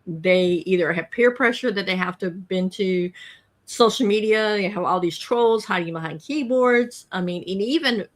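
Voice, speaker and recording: A woman's voice: mid-range voice, moderate pace. A woman hosting a podcast interview, asking long, conversational questions. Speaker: podcast host.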